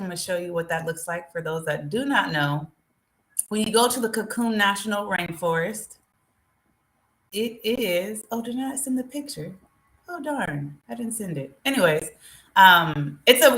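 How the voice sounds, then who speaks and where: An animated woman chats straight to her live-stream viewers. Her voice sounds bright and forceful, and the room around her echoes. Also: mid-range voice. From United States. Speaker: vlogger. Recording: roomy echo.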